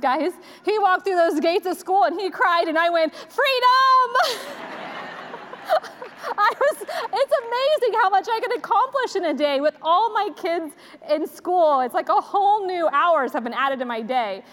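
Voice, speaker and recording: A woman's voice: sits high, fairly bright tone. A woman in her forties giving a conversational sermon, a chatty, self-deprecating storyteller. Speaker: church speaker. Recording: long reverb of a large hall.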